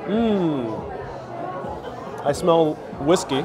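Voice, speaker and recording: A travel vlogger from the United States live-streams from a busy restaurant on a phone held at arm's length, playfully chatting with viewers as he tastes food and drink and calling them ladies and gentlemen. His voice is on the high side with big pitch swings, slow pace, and long pauses, heard over music and crowd chatter.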